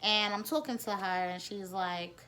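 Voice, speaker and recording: A woman's voice: medium pitch, moderate pace, bright, forceful tone, a little hiss or hum. A woman, telling her own story bluntly, with frequent cursing and rambling restarts. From the Bronx, New York. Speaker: nail technician. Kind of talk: candid personal storytelling.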